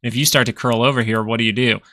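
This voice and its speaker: Rapid-fire and forceful, this stock market livestream host has a bright, steady voice of medium pitch, captured in a dry recording. He chats casually through the charts, thinking aloud and hammering phrases home through repetition.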